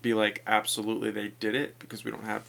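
Man, podcast co-host, casual chat, teasing, laughs a lot, bright sharp tone. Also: lowish voice, monotone, quick pace, creaky.

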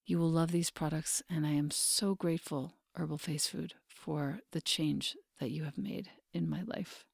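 Low, gravelly-voiced woman podcast host. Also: fairly even intonation, moderate pace, no echo, studio quality. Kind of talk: soft-spoken podcast ad read and intro.

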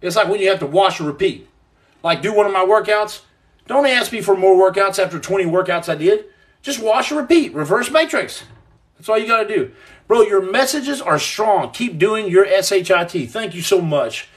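A man hosts a casual livestream podcast, reading viewer comments aloud and riffing on them with jokes. His voice sits notably high for a man. He rambles happily, tossing out playful nicknames. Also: lively intonation, normal speed. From United States.

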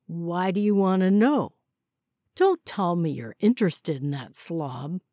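A woman's voice: on the low side, animated, measured pace, warm tone, no room sound, clean studio sound. A woman voicing Franklin, a jealous, bitter young man with a sullen, sneering way of talking. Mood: suspicious.

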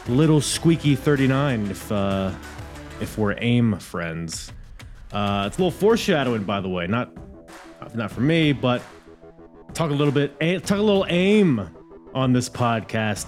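Brief: male podcast host, mid-pitched, loose and jokey, rambles and swings between loud and soft. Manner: rambling and jokey, with loud bursts and sudden drops. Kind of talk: casual podcast chat.

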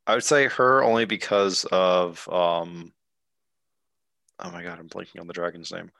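A man with a lowish but bright voice, talking casually. He pauses often and searches for his words. The sound is dry and close. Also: steady tone, creaky, no echo. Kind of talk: casual chat.

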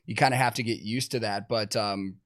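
A man from Chicago hosts a podcast and chats in a loose, relaxed way. He fills his sentences with easy filler words as he talks. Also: fairly low pitch, fairly quick. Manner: relaxed, chatty, many fillers like "like". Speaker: podcast host. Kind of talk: casual podcast chat.

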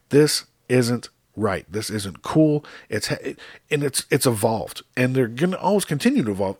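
A man's voice: mid-range voice, no echo, studio quality. A man telling stories in a casual, profane rant, acting out quotes with exasperation. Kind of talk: casual ranting monologue.

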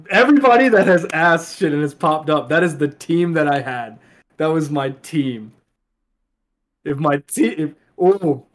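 Emotional young man swearing in casual chat. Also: on the high side. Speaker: podcast guest, soldier.

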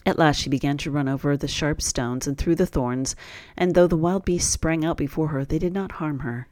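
A man reading a classic fairy tale aloud in a steady, plain storytelling voice. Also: fairly high pitch, normal speed, dry recording, studio quality.

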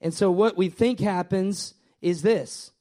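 A male pastor delivers a sermon in a fairly high voice. He talks straight to his congregation, repeating phrases and swelling to emphatic peaks before dropping back down. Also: a little slow. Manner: animated, repetitive preaching that swells and drops; addresses the congregation directly.

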